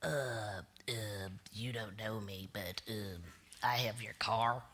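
A man's voice: on the low side, takes it slowly, fairly bright tone, a little hiss or hum, voice pushed down. A woman voicing a nervous, apologetic male car joyrider who hesitates and stammers with fillers. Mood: sheepish.

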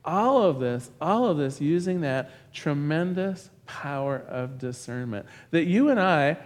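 A man preaching with a fairly high, very lively voice that swings up and down as he tells stories. His words ring with a long reverb, as if he is speaking in a large church hall. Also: unhurried, few pauses. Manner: animated storytelling, acts out a joke with rising excitement. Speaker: pastor. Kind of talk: sermon.

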